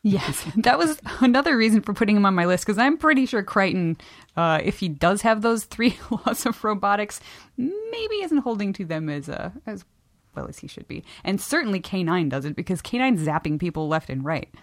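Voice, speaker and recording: A woman's voice: medium pitch, very animated, moderate pace, no echo. A woman chatting casually as a panelist, laughing easily.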